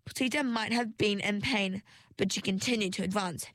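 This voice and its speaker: A woman narrating a children's storybook in a measured, expressive reading. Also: mid-range voice, no echo.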